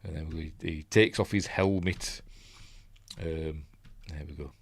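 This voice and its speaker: In a studio-quality recording with no echo, a middle-aged Yorkshireman chats casually through a film review, rambling and restarting with lots of fillers. His voice is extremely low, gravelly, and husky, with a steady tone and a slow delivery.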